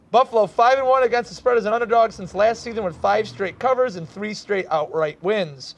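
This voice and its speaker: Host reading football picks, light high voice, laughs often. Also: male voice, creaky. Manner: reads betting stats, laughs often. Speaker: sports show host. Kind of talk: casual sports picks chat. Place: student access radio studio.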